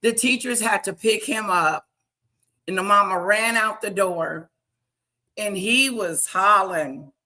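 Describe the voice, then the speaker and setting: Woman streamer chatting slow, bright voice, laid-back storytelling. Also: medium pitch. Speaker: livestream host. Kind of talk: casual livestream chat.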